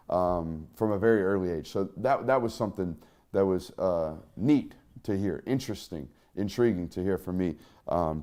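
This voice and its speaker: Male sports show host, low-pitched, loose and chatty delivery. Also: dark tone. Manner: loose, chatty, with fillers and laughs. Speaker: podcast host. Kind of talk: casual sports talk.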